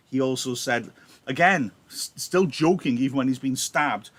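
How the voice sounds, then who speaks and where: Welsh teacher talking through a play. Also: male voice, mid-range voice, normal speed, a bit bright. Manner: conversational, checks in with "yeah?". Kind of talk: live reading with analysis.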